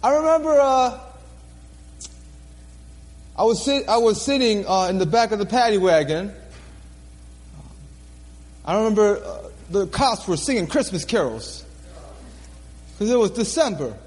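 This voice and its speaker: A man's voice: high voice, animated, measured pace, pauses often, a little mellow, big-room sound. A man preaching a sermon, telling his own story earnestly, repeating phrases for emphasis and laughing at himself. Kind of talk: sermon testimony.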